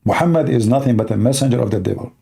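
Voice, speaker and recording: A man's voice: mid-range voice, expressive, very fast, creaky, dark tone, slightly rough. A man hosting an online talk show, arguing in a sarcastic tone and firing off rhetorical questions. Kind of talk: argumentative commentary.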